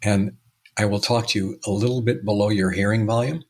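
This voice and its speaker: A man doing an impression of a screenwriter friend who talks slowly and below normal volume so listeners lean in. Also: lowish voice, steady tone. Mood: hushed. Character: impression of a real screenwriter, slow, hushed, intimate.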